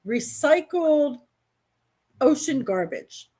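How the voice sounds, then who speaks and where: A woman's voice: high-pitched, expressive, takes it slowly, warm tone. A woman co-hosting a live stream over a video call, describing things in a rambling, chatty way. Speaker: co-host. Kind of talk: casual chat.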